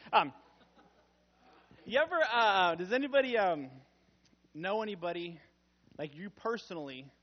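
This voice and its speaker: Man, young pastor, high voice, playful, casual sermon, muffled recording. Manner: playful, jokey, laughs often, acts out quotes loudly. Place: church. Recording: dull muffled sound.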